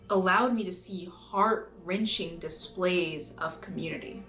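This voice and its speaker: A woman from the United States reading a scripted video essay in an earnest, measured way, now and then swearing for emphasis. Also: on the low side. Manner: earnest, measured, occasionally profane. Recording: roomy echo with faint music.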